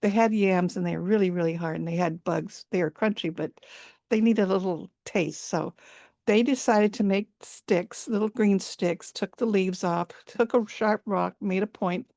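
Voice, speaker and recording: A woman's voice: mid-range voice, moderate pace, creaky, darkish tone, dry recording, clean studio sound. A woman storyteller telling a folk tale live over a video call, repeating words for emphasis and dwelling on sensory detail.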